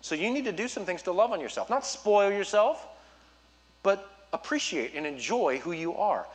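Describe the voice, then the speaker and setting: Earnest man preaching, higher voice. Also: sing-song. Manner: earnest, direct exhortation with quick asides. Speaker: youth pastor. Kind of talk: sermon.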